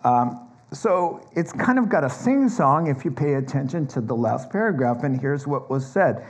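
A man's voice: sing-song, normal speed. A man preaching a sermon as pastor, earnest and emphatic, explaining scripture step by step in a conversational teaching tone. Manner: earnest, emphatic preaching that climbs higher and louder on key points. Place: church.

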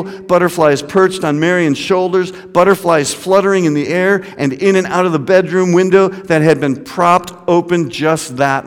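A man preaching a sermon, retelling a story dramatically, his voice dropping to a hush and then rising high. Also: smooth. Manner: dramatic, swinging from hushed to raised. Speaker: pastor. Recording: long hall reverb.

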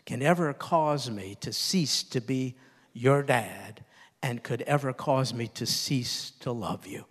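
An older man preaching a sermon who talks earnestly and drops low and soft when he quotes tender words. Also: unhurried, breathy edge. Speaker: pastor. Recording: long reverb.

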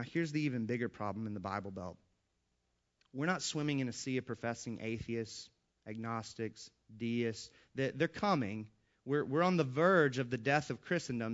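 Emphatic pastor preaching. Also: male voice, medium pitch, fairly bright tone, highs cut off. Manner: emphatic, rising in volume on repeated scripture quotes. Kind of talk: sermon.

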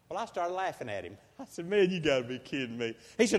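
A man preaching a sermon, telling stories in a folksy way and surging into loud emphasis. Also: fairly high pitch, sing-song, fast talker, few pauses. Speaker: pastor. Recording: long hall reverb.

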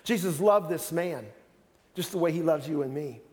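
A man's voice: on the high side, moderate pace, darkish tone, big-room sound. A man preaching a sermon as pastor, earnest, often repeating words as he starts a sentence.

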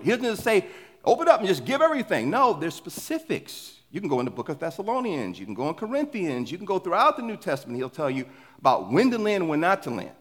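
A man preaching a sermon in a conversational, animated way, asking the congregation rhetorical questions. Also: sits high. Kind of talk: sermon with scripture reading.

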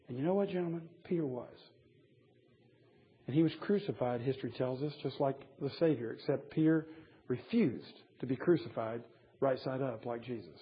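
Husky guy preaching to a men's bible study, wry asides, muffled lo-fi sound. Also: mid-range voice, normal speed. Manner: emphatic, wry asides, chuckles at his own points. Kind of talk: sermon. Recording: dull lo-fi recording.

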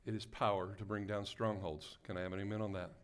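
A man's voice: lowish voice, little pitch movement, fast talker. A pastor preaching a sermon and praying before his congregation, calling for amens and building to emphatic exhortation. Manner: call-and-response, rising to emphatic exhortation. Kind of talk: sermon with prayer. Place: church sanctuary before a congregation.

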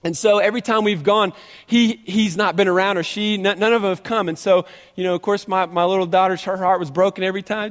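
A man preaching a sermon as an animated, humorous storyteller, recorded in a large church hall with long reverb. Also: high-pitched, quick pace. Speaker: pastor.

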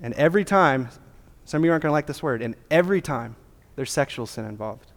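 A man's voice: a little high, lively intonation, quick pace. A man preaching a sermon as a pastor, with a casual, joking, conversational delivery. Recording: long hall reverb.

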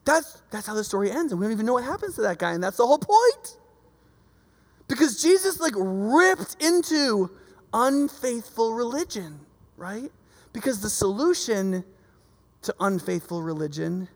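A preacher giving a casual, conversational sermon, lively and acting out the voices of people in the stories. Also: medium pitch, a little fast. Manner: animated, acts out quoted voices. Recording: long reverb of a large hall.

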